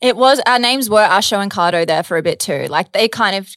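A bubbly young woman co-hosting a podcast, chatting with plenty of enthusiasm. Her voice moves animatedly up and down in pitch. The recording is dry and close to the mic. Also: lively intonation, a bit bright, no echo. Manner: bubbly, quick to laugh along, enthusiastic. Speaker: podcast co-host. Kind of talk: casual chat.

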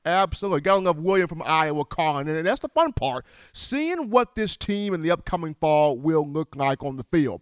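Energetic male sports talk host, smooth, high voice, dry studio sound. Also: fairly quick, hardly any pauses, no echo. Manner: upbeat, enthusiastic. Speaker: radio show host.

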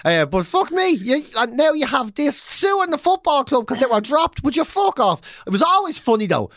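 A man's voice: very high voice, moderate pace, no echo, studio quality. A man in his forties with a Dublin accent, telling a comic story full of swearing and checking in with "right?". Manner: swearing, animated, keeps asking "right?".

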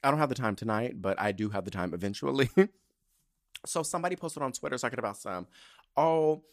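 A man hosting a solo podcast, ranting in a sassy, profane, casual way with big swings in pitch and loudness. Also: animated, brisk. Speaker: podcast host.

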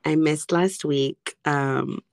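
A woman co-hosting a podcast, telling a crude story in casual chat with lots of swearing and a hoarse voice. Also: low-pitched, fairly even intonation, slow pace, a little mellow, dry recording, studio quality. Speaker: podcast co-host.

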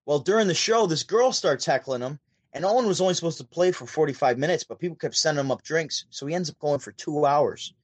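A man's voice: a little high, lively intonation, fast talker, no echo. A man from Syracuse, New York, casually telling a long story as a podcast guest, acting out quoted voices as he goes. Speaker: podcast guest, DJ and show host. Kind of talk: casual storytelling over a call.

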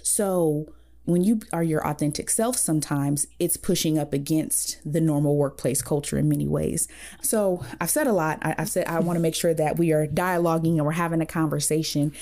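A woman co-hosting a podcast, talking in a measured, reflective way and asking open questions. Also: low voice, mellow. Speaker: podcast co-host, therapist. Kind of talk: conversational podcast discussion.

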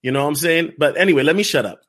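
A man's voice: fairly high pitch, rapid-fire. A man hosting a casual reaction video, talking in slang, restarting and repeating himself. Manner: animated, slangy, repeats himself, calls others dog. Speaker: crypto YouTuber reacting to a video.

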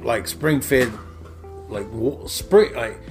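A man in casual chat who rambles haltingly, packing his talk with fillers and swearing. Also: medium pitch, faint music behind.

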